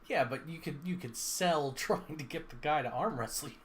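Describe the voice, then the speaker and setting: A man's voice: fairly high pitch, normal speed, fairly bright tone. A man narrating as game master in a tabletop game, talking casually and rambling, often breaking into laughter.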